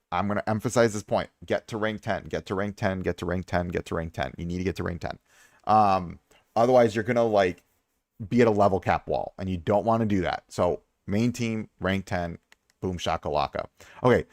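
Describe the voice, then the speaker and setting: Young adult male streamer, low voice, dry close sound, loose rambling chat that repeats itself. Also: a little mellow, no echo. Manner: rambling, repeats himself for emphasis. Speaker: streamer reviewing viewers' game accounts. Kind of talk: casual live-stream chat.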